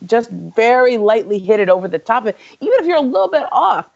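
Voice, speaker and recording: A young woman co-hosting a podcast, telling a story in a casual, animated way, full of "like" and quick asides. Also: a little high, gravelly, dull audio. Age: young adult. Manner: animated, filler-heavy storytelling with lots of "like". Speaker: podcast co-host.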